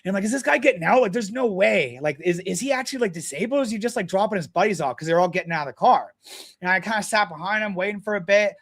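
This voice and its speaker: A young man talks in a casual podcast chat, his voice sitting high for a man. He tells his stories bluntly and swears freely. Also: animated, fast talker, a bit bright. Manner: blunt, profane storytelling. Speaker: guest.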